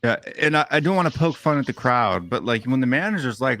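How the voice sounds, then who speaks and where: A man hosting a casual call-in show, quick to agree and chatting in a relaxed, friendly way. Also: medium pitch, no room sound. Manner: agreeable, quick affirmations, animated impressions. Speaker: host.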